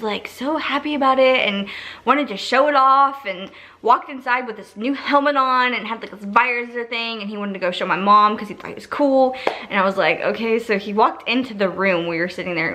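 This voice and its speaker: A woman's voice: a little high, pushed and bright. A young woman telling a personal story in a casual, chatty way, full of "like" fillers and acted-out quotes. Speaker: vlogger.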